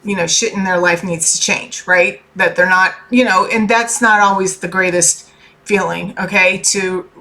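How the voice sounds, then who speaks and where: A woman's voice: medium pitch, fairly even intonation, moderate pace, bright, forceful tone. A woman, a tarot reader and life coach, giving a chatty, earnest motivational talk to her viewers. She keeps checking in with "okay?" and swears casually. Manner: earnest and heartfelt.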